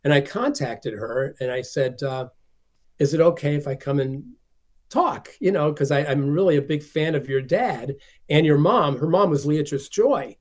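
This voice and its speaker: Man telling lively anecdotes, fairly high voice. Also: normal speed. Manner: animated, acts out the voices of people he quotes. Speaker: film collector interviewed as guest. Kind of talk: conversational storytelling.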